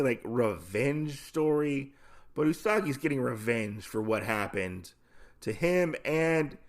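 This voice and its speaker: Male podcast host, casual recap, rambling and jokey, mid-pitched. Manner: rambling, self-correcting, jokey.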